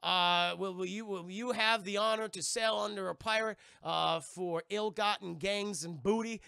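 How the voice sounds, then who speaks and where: A man's voice: sits high, steady tone, normal speed, vocal fry, pushed and bright, clean tone, no room sound, clean studio sound, heavily acted. A man voicing a swaggering roguish pirate captain, speaking in a theatrical, pompous way. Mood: grandly polite.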